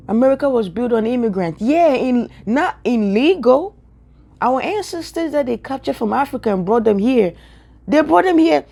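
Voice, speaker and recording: A woman's voice: high voice, gravelly, mellow. A woman from Ghana with a Ghanaian accent, giving an emphatic, repetitive opinion rant straight at her viewers. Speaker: social media commentator. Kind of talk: direct-to-camera opinion rant.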